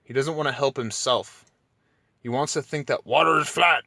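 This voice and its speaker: A young man on a sarcastic, profane rant, his voice leaping high whenever he mocks someone. He speaks at a middling pitch. His voice sounds close and dry, with no room around it. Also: moderate pace, gravelly, no echo. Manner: sarcastic, mocking, swears freely; excitable, voice jumps high when mocking. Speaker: channel host. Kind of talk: casual rant to viewers.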